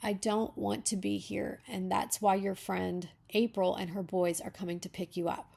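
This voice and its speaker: A woman's voice: mid-range voice, little pitch movement, normal speed, gravelly, darkish tone, husky. A woman reading a story aloud as a beta reader, breaking off to comment on the writing.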